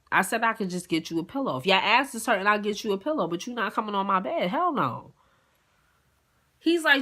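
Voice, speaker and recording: A young woman telling a personal story in a casual, profane, animated way, acting out both sides of a dialogue. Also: mid-range voice, normal speed, pauses often.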